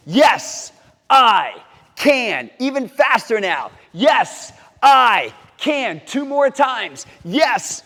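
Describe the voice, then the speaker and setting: This man's voice is high-pitched and fairly bright. He's a martial arts instructor running a kids' karate lesson for the camera, cheerfully encouraging the children while shouting chants and counting drills, all in a long, reverberant hall.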